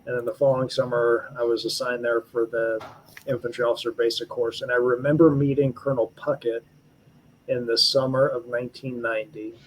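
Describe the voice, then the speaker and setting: A man in his fifties, a retired army officer, telling his service stories in an interview with earnest, halting speech full of fillers and restarts. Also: medium pitch, level tone, slight background noise, poor audio. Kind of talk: storytelling interview.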